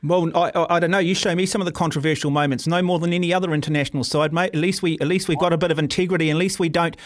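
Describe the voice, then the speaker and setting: A man's voice: on the high side, fairly even intonation, racing. A middle-aged man hosting talkback radio, arguing hotly with a caller, sarcastic and combative, cutting in by repeating the caller's name. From New Zealand. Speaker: radio talk show host. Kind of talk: heated talkback argument.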